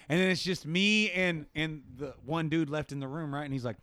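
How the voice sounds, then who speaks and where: Fast-talking storytelling man, high voice. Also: no echo. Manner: profane, slangy, says "dog" often; fast and excitable, acts out quotes. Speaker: podcast guest. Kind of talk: animated storytelling.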